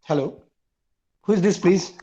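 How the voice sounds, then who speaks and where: A man teaching a class over a video call, speaking in a high voice. He counts off his points one by one and repeats the key words for emphasis. The call audio comes through dull and lo-fi. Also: measured pace, warm tone. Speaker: English teacher. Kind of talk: online class instruction.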